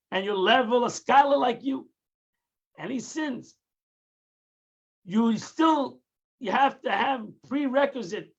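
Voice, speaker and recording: A Torah teacher with a high, creaky voice gives a daily Tanya lesson on dull audio. He explains patiently, repeating and restarting phrases and mixing in Hebrew terms.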